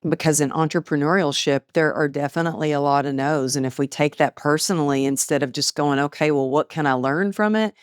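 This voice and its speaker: Lively woman telling stories, dry sound. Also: low voice, brisk, few pauses, no echo. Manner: animated, acts out quoted dialogue. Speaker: podcast guest, author. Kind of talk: casual storytelling interview.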